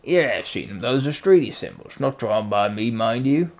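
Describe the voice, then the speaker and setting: A man's voice: mid-range voice, expressive, normal speed, natural voice. A man putting on an easygoing street drifter. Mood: laid-back. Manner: easygoing drawl, calls others "friendo". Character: laid-back male street drifter, an animal.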